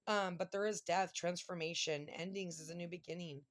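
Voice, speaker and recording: A woman's voice: fairly low pitch, steady tone, a little fast. A middle-aged woman doing a casual tarot reading, talking emotionally and exclaiming, close to tears at times. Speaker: tarot reader.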